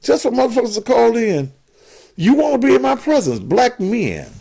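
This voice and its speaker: A man's voice: very high-pitched, wildly swooping pitch, normal speed, vocal fry, dark tone, breathy edge. Combative, profane preacher man. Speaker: pastor and call-in show host. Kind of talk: call-in show talk.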